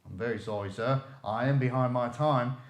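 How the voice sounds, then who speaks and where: A man's voice: mid-range voice, moderate pace, lightly acted. A man playing a timid clerk who sounds apologetic and nervous. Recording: echoey room.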